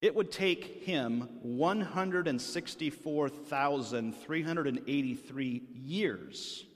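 A man's voice: a little high, takes it slowly. A male pastor preaching a sermon in a conversational manner, often checking in with his listeners. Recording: long hall reverb.

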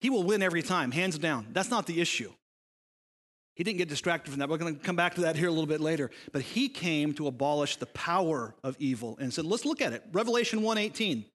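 A man's voice: on the high side, lively intonation, quick pace, fairly bright tone, long reverb tail. A male pastor preaching a sermon, emphatic and full of rhetorical questions.

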